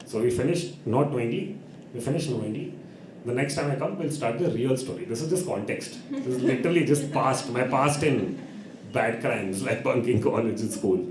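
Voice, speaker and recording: A man's voice: medium pitch, normal speed, noisy background. Guy telling a story at an open mic, acts out voices, echoey room. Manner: animated storytelling, acts out voices, laughs often. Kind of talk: storytelling on stage. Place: live open mic venue.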